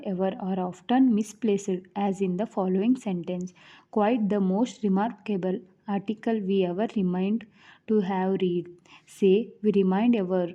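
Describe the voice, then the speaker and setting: A woman reading grammar rules aloud like an audiobook, in a measured way with the odd stumble and restart. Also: medium pitch, warm tone. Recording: dull lo-fi recording.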